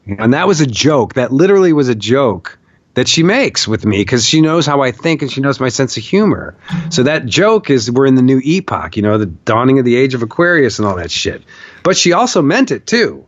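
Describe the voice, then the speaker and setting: A man's voice: medium pitch, very animated, fairly quick, no echo. Emphatic man telling a story, muffled audio. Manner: emphatic, profane, repeats phrases for stress. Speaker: podcast guest. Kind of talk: conversational storytelling. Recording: dull, muffled podcast audio.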